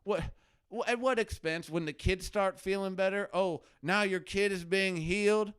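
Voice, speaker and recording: Man acting as a ranting crusader doctor, blustering and paranoid, clear resonant voice, close dry basement mic. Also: high voice, moderate pace, dry recording. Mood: outraged. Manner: ranting, swings from muttering to shouting. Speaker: comedy show host. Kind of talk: satirical character live stream. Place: home basement.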